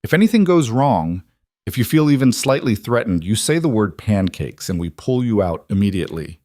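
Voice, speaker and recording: A fierce male crime boss speaks low and intensely, protective to the core, voiced by a male narrator. The sound is dry and close. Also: big pitch swings, moderate pace, a little mellow, dry recording. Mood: intense, tender.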